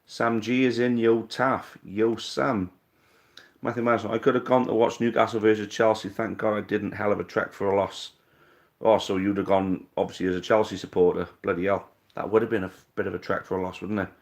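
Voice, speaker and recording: A man's voice: on the low side, flat delivery, brisk. A man from Wales hosting a casual live fan stream, reading out viewer comments and answering them bluntly, with casual swearing.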